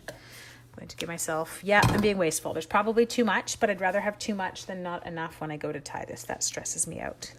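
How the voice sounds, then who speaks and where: A woman's voice: mid-range voice, slight background noise. Chatty woman demoing a craft project. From Canada. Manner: chatty, self-deprecating, talks while working with her hands. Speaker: stamping and card-making demonstrator. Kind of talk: casual crafting tutorial.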